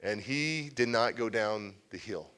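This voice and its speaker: A man's voice: lowish voice, lively intonation, measured pace, a bit bright, clear, resonant tone. A man, a motivational speaker, telling a confessional personal story to a live audience at a civic center and acting out the voices he quotes. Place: civic center event hall.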